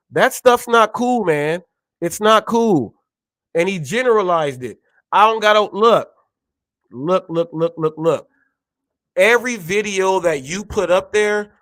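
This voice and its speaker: A man's voice: sits high, fairly bright tone, no echo. A man hosting a gig-economy show, ranting with emphatic repetition and indignation. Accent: Californian English. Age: adult, a parent. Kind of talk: heated live commentary.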